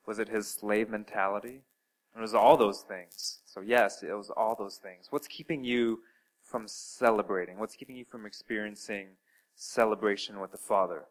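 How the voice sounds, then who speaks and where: A man preaching a sermon in an earnest way, asking his listeners direct questions and swinging between loud and soft. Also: fairly low pitch, steady tone, moderate pace, poor audio. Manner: earnest, with wide swings in loudness.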